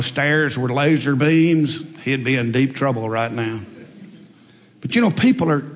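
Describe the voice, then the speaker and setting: A man preaching a sermon, telling folksy stories and swinging between loud emphatic lines and quiet asides. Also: medium pitch. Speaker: pastor. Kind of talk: sermon with storytelling. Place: church sanctuary. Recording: long reverb in a large hall.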